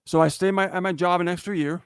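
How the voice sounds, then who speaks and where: Animated storytelling man, slightly high voice. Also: quick pace, clean tone, dry recording, clean studio sound. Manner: animated storyteller, keeps checking in with "okay?" and "right?". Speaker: livestream co-host. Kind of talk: casual motivational talk.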